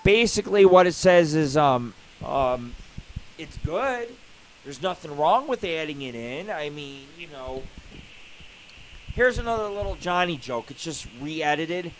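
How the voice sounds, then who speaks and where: A man's voice: fairly high pitch, animated, a little slow, a little hiss or hum, poor audio. A man hosting a live internet radio show, ranting in a rambling, profane, joking way.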